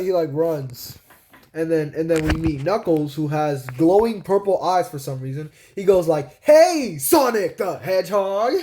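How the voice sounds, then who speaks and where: A man's voice: on the high side, warm tone, slight background noise. Rambling man retelling his comic. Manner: rambling, repeats "and then" a lot. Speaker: comic creator. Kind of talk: casual storytelling walkthrough.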